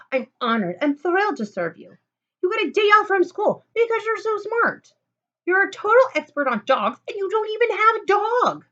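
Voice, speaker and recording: Bossy furious little girl, shouty and high, storybook read-aloud, woman doing the voice; lo-fi. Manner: demanding, yelling.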